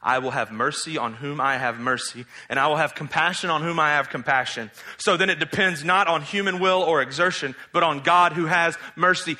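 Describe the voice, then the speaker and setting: A man preaching an expository sermon in a conversational, animated way, asking rhetorical questions. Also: a little high, brisk, few pauses.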